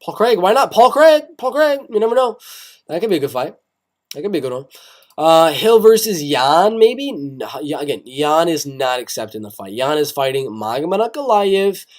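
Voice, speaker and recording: A man's voice: a little high, very animated, moderate pace. A young man hosting a casual live stream on fights, reading chat aloud and rambling with many repeated phrases. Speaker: MMA live stream host.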